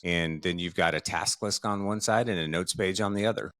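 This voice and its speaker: Low-voiced man giving casual advice. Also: a little fast, no echo. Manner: relaxed and advice-giving, informal with mild swearing. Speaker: podcast co-host. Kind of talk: casual podcast chat.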